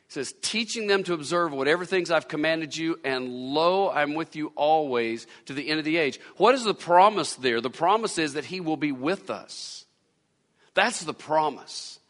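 A man delivers a sermon from the pulpit, circling back and repeating lines to drive his point home. His voice is bright and sits slightly high, and it rings out with a long reverb from the church around him. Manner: preaching with repetition and rising emphasis. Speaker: pastor. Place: church sanctuary.

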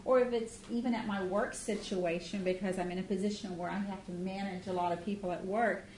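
A woman's voice: mid-range voice, steady tone, a little fast, darkish tone, a little hiss or hum. A woman co-leading a marriage workshop, speaking casually and earnestly to a class. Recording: echoey room, faint ambience.

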